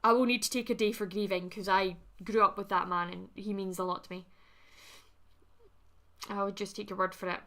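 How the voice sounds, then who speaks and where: Bright-voiced woman streamer. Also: mid-range voice, fairly even intonation, a little fast, pauses often. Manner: chatty, blunt, swears freely, laughs often. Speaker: livestream host reading chat. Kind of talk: casual chat.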